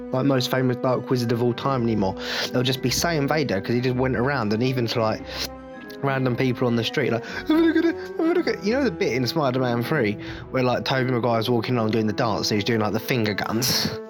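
A man's voice: mid-range voice, fast talker, music in the background. A man with an English accent, hosting a podcast in a blunt, jokey rant with free swearing. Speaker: podcast host. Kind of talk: casual rant.

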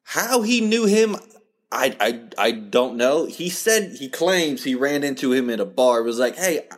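Dude hosting his podcast, laid-back, stammers a bit, mid-pitched voice, laughs thru his stories. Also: big pitch swings, a little slow. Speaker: podcast host. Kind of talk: casual podcast chat.

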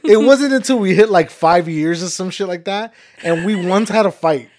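A man with a high-sitting, somewhat dark voice talks at a normal speed while co-hosting a podcast with his partner. It's a casual couple chat, full of frequent laughter and loose slang.

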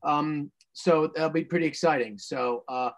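A man's voice: on the high side, unhurried. A man hosting a video call, explaining the stream setup in a rambling way with many fillers. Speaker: host and stream producer.

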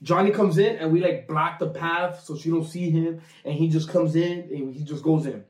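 A young man in his twenties tells a party story in an excited rush, laughing often as he goes. His voice sits high. The room gives it a roomy echo. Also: distant mic. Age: 20s. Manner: excited, laughing, quick back-and-forth. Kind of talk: casual podcast storytelling.

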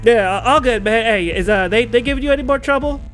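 A man with a high voice plays his character in a tabletop game, drawling and rambling with fillers. Faint music plays behind him. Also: fairly quick, a bit bright. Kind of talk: in-character role-play.

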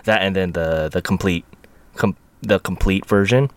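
A man co-hosting a casual gaming podcast, talking with quick self-corrections. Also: low-pitched, dry recording. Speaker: podcast co-host.

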